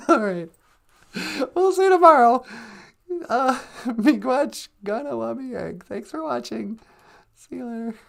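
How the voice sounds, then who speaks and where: A woman's voice: a little high, lively intonation, slow, creaky, pauses often. A woman co-hosting a casual, playful podcast, goofing around and making beeping computer noises. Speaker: podcast co-host.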